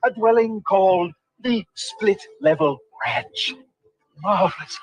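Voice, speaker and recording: A man's voice: high voice, animated, slow, no echo, full character voice, poor audio. A man playing a pompous professor of the future in an old commercial, lecturing grandly with amusement. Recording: old broadcast ad with music.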